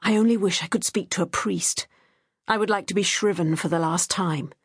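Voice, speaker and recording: A woman's voice: fairly low pitch, normal speed, breathy edge, no room sound, studio quality. A woman voicing a weary, proud imprisoned queen who speaks firmly but sounds resigned. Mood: tired, sad.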